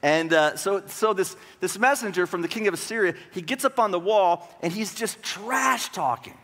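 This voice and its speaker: A man's voice: high-pitched, brisk, few pauses, bright, forceful tone, long reverb tail. A male pastor preaching a sermon, retelling scripture conversationally with rhetorical questions and bursts of drama.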